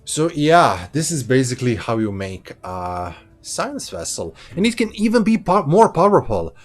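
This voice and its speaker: A man's voice: mid-range voice, sing-song, normal speed, soft background music. A man giving casual, chatty commentary while streaming a space game from a hot room at home, laughing easily and correcting himself. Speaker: gameplay streamer.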